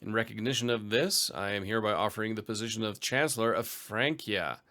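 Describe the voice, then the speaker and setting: A man's voice: on the low side, brisk, sharp tone. A man commentating a strategy game, reading event text aloud with dry, wry asides. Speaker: let's play host.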